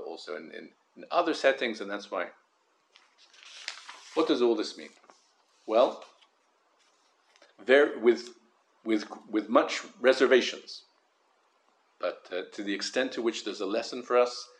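Guy giving a torah class, careful and emphatic, lots of repeats, voice goes up and down a lot. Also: medium pitch. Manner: careful, measured, with frequent word repetitions; emphatic, stressing key words. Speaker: Torah teacher. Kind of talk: Torah lesson on the weekly portion.

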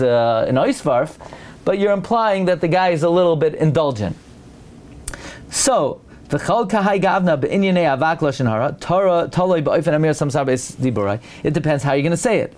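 A man giving a Torah class, reading Hebrew lines and explaining them in English, sometimes acting out a sneering tone for an example. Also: on the high side. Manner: animated, mimics a sneering tone for examples. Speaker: Torah teacher. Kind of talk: lecture reading a Hebrew text and translating.

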